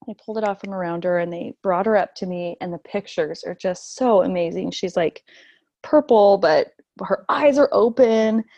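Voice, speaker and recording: Woman in her thirties telling a birth story with emotion, animated and quick to laugh; dry, close sound. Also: dry recording, dull audio. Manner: animated, laughs often, acts out quotes in a high voice. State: emotional, near tears. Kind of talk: emotional storytelling in casual chat.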